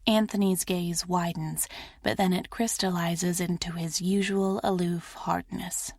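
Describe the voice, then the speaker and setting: A woman narrates a first-person romance audiobook in a soft, intimate way. Her voice sits a little low and moves at a very slow, measured pace. The recording is close and dry. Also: steady tone, no room sound.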